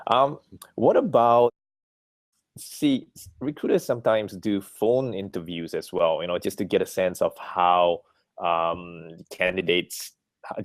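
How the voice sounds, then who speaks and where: Deep-voiced man asking halting questions. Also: no room sound. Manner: hesitant, many fillers and restarts. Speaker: host. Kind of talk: interview questions.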